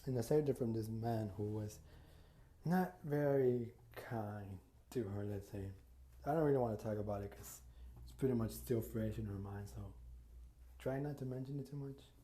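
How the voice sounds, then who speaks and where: A man voicing an earnest, protective young male hero in a retold story, a little higher than his own voice. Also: moderate pace, mellow, natural voice.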